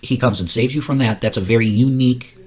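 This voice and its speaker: A man's voice: mid-range voice, quick pace, darkish tone. A man giving casual, profane commentary on news clips, ranting and rambling. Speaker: commentary streamer.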